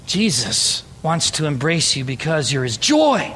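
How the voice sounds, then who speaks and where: A man's voice: fairly high pitch, big pitch swings, measured pace, hardly any pauses, fairly bright tone, husky. A man preaching an emphatic, story-driven sermon as a pastor. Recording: long hall reverb.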